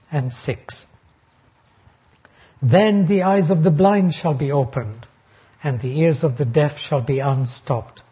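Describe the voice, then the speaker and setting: Husky male preacher expounding scripture. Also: on the high side. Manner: deliberate, reads verses slowly then explains. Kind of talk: expository sermon on scripture. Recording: dull lo-fi recording.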